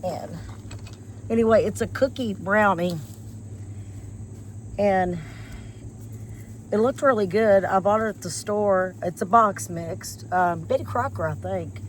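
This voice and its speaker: A vlogger pulling weeds in a yard by her porch chats casually with viewers, taking her time and pausing often. Her medium-pitched voice carries a slight cough from a chest infection, her talk is rambling and folksy, and faint background noise is present.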